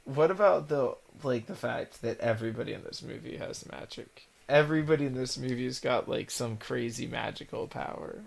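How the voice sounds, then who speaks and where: A man chatting excitedly about a movie on a podcast, enthusiastic and full of "like". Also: mid-range voice, normal speed, creaky, hardly any pauses, a little hiss or hum. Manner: excitable, enthusiastic, says "like" a lot. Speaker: podcast co-host. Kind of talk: casual movie chat.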